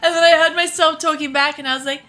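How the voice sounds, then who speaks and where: Young woman streamer, candid and rambling, bright tone with faint music behind. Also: sits high, steady tone, fast. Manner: candid, rambling, frequent swearing and laughs. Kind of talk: casual chat while cooking and gaming.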